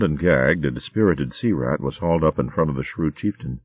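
A man with a deep, low voice narrates a storybook. His reading is animated and expressive, with wide swings in pitch. The audio is narrow and phone-like, recorded dry with no room sound. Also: a little fast, few pauses, slightly rough, no room sound.

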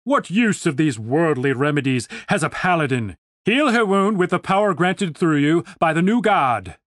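A man's voice: a little high, big pitch swings, moderate pace, fairly bright tone, no echo. A man voicing a stern older city guard who speaks in stiff, formal phrases.

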